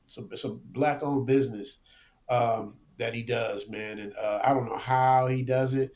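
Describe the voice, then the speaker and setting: A man talking as a guest in a casual interview, animated and slangy, often repeating words as he goes. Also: medium pitch, normal speed. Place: lives abroad, remote interview.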